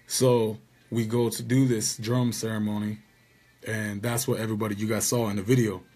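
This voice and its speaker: Male vlogger, husky voice, casual rambling storytelling with an aggrieved edge. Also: on the low side, little pitch movement, moderate pace, mellow. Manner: indignant, rambling recounting.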